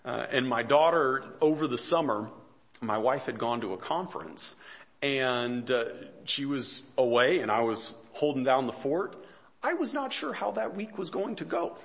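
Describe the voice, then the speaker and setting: A man's voice: medium pitch, animated, normal speed, gravelly. A man in his forties, a pastor preaching a sermon in a conversational, storytelling way, with self-deprecating humor and easy chuckles. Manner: frequent fillers and restarts, chuckles between lines.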